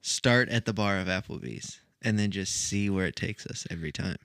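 A man co-hosts a podcast in relaxed conversation, easygoing and wry, regularly agreeing with his partner. His lowish, slightly bright voice moves at a moderate pace in a dry, studio-quality recording.

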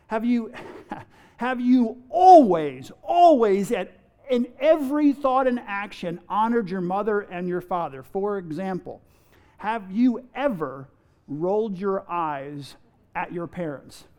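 A man's voice: high voice, expressive, takes it slowly, dark tone. A man preaching a sermon, firing rhetorical questions at his listeners and playfully acting out everyday remarks. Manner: fires rhetorical questions at the audience; playful, acts out everyday quotes, chuckles.

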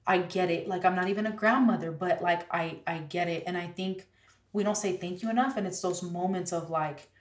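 Animated woman telling a story, roomy sound. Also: lowish voice, fairly quick. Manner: animated, heavy use of "like". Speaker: guest artist. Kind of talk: casual storytelling in conversation. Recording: roomy, distant from mic.

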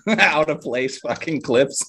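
A man's voice: on the high side, expressive, measured pace, over a noisy crowd. A man playing a tabletop game, chatting casually, laughing often and teasing his friends. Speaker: player.

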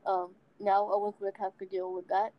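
A woman's voice: medium pitch, level tone, a little fast, no echo, highs cut off. A woman from the American South with a Southern accent, chatting casually as a podcast co-host and rambling with frequent asides. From Southern United States. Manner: rambling, self-deprecating, many ums and anyways. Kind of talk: casual chat.

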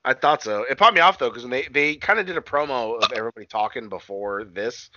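A man's voice: mid-range voice, lively intonation, fast talker, pushed and bright, dry recording, dull audio. Rambling, profane man recapping casually. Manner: rambling, profane, lots of fillers and restarts. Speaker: podcast co-host recapping wrestling. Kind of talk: casual chat.

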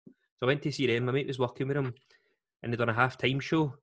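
Lively Scottish man telling a story. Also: medium pitch, quick pace, slight background noise. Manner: lively storyteller, slangy, acts out quotes. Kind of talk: casual podcast chat.

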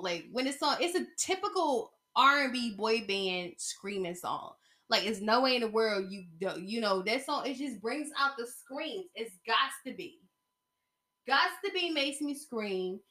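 Chatty woman podcast host. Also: on the high side. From Atlanta area. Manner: chatty, animated storytelling with bursts of excitement. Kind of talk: casual solo podcast chat.

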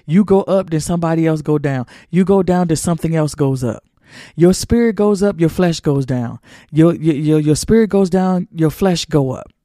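A man's voice: on the high side, normal speed, warm tone, no room sound, clean studio sound. A man hosting a podcast, preaching a monologue in an emphatic, colloquial, repetitive cadence. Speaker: podcast host.

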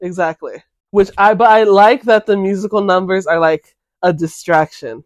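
High-voiced man, dry close sound. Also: dry recording. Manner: relaxed, offhand film chatter with quick asides. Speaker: podcast co-host. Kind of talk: casual chat.

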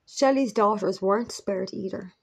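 A woman narrating a true crime story in a measured, grave manner with brief asides. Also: mid-range voice, creaky, slightly rough.

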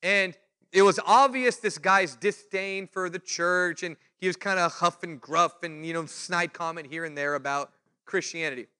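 A man's voice: sits high, normal speed, smooth. A male preacher giving a sermon, telling stories and acting out the people in them. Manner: animated storytelling, acts out quoted voices.

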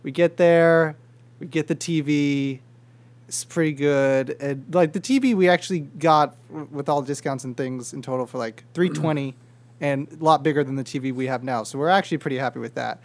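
A young man on a podcast, telling a story in a casual, animated way and swearing freely. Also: a little high, brisk. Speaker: podcast co-host. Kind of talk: casual chat.

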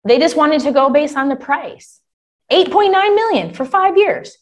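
Woman, contracting coach, lively and talkative, casual y'all delivery. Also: sits high, normal speed. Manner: animated, chatty, addresses listeners as y'all. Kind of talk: coaching talk to an audience. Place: Michigan.

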